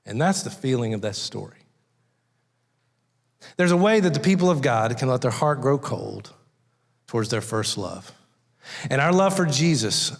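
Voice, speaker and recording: A man preaching a conversational sermon as a guest speaker, telling folksy stories and acting out little voices in his anecdotes. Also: medium pitch. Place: church sanctuary. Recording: long hall reverb.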